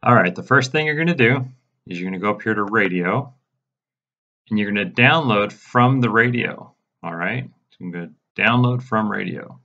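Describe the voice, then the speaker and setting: A man giving a casual step-by-step software tutorial, walking viewers through settings in a mildly exasperated way. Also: fairly low pitch, lively intonation, moderate pace, dull audio. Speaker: radio programming instructor. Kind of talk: screen-recorded software tutorial.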